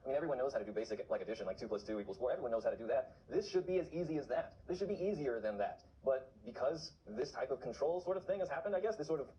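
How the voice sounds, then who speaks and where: Fast-talking man urging viewers on. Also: mid-range voice, animated, warm tone, muffled recording. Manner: urgent, exhorting. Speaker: vlogger on remote viewing. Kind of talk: casual talk to camera.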